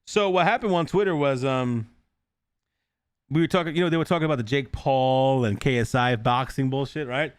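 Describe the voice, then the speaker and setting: A man's voice: mid-range voice, moderate pace, clean tone, dry recording. A man hosting a casual podcast who rambles, swears freely and laughs often. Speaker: podcast host.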